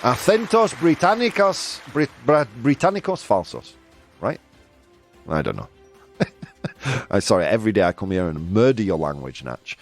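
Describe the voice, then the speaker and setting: Lively, playful male quiz host. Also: fairly low pitch, moderate pace, pauses often, faint music behind, some chatter behind. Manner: lively, playful, often laughing, chatting with viewers. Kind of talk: live-streamed news quiz chat.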